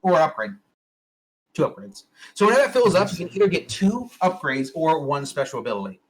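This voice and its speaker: Guy game-mastering a tabletop game, kinda high voice, blunt, swears a lot. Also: big pitch swings, brisk, breathy edge, poor audio. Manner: casual, blunt, swears freely. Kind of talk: running a tabletop game, awarding XP.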